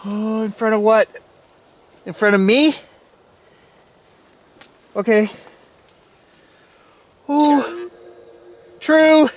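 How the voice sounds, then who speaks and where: A man's voice: sits high, fairly even intonation, slow pace, pauses often. A man vlogging alone outdoors at night, talking nervously and thinking aloud to his viewers. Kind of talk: ghost-hunting vlog, talking to viewers.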